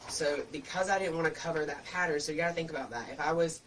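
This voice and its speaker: A man's voice: a little high, fast talker, fairly bright tone, distant mic, slight background noise, low-quality recording. A man hosts a casual craft tutorial, chatty and folksy, full of homespun comparisons. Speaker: wreath-making host.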